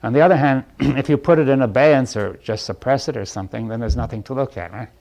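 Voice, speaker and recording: A man of middle pitch talks through an idea in a room with a small audience. He keeps stopping to rephrase and checks in with his listeners. He lets out soft chuckles between points. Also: gravelly. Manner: halting, restarts phrases, keeps checking in with the listener. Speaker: speaker giving a talk. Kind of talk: reflective spoken lecture.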